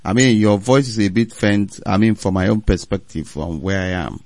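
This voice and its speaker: Man, radio phone-in host, firm, insistent, low voice, dry close sound. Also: moderate pace, a little mellow, dry recording. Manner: firm, insistent, repeats prompts to callers. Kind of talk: radio call-in show hosting.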